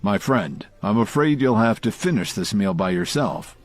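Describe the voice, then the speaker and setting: A man's voice: on the low side, animated, normal speed, soft background music. A man voicing Cook, a hearty generous friend. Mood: hurried. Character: generous older male friend, hearty, confident.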